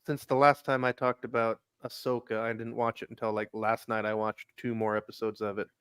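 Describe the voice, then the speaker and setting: A man's voice: lowish voice, little pitch movement, brisk, a bit bright, clear, resonant tone, no echo. A man in a casual podcast chat, telling rambling, chatty stories.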